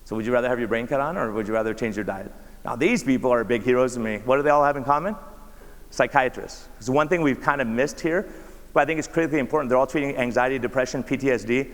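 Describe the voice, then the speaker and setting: A man gives a slide talk to an audience in a lecture hall, his voice ringing with a long reverb. His pitch is middling for a man. He keeps it conversational, peppering the talk with rhetorical questions. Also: fast. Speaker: doctor giving a talk. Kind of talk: conference presentation with slides.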